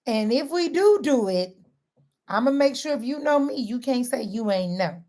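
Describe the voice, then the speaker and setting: A woman talking straight to her viewers in a lively, sermon-like way, mixing casual slang and laughter into faith-based wellness advice. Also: fairly high pitch, a little slow. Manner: animated, sermon-like, southern-inflected slang with frequent laughs. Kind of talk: lively preachy direct-to-camera talk.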